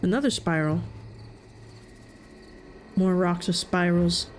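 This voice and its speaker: A woman's voice: on the low side, slow, slight background noise. A woman giving casual, jokey commentary while playing through a game, reacting with nervous laughs. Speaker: gaming video creator.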